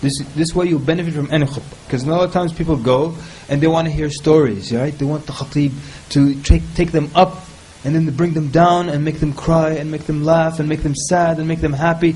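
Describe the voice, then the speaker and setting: A man speaking on a panel, giving advice in a lively, humorous way and mimicking people in quick quoted asides. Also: a little high, slight background noise, poor audio. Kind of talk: casual panel talk.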